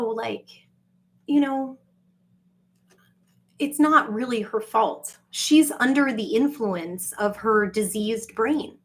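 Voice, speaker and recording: A woman, rambling on a livestream, swinging between gushing greetings to viewers and low confiding asides. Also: a bit bright. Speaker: livestream vlogger.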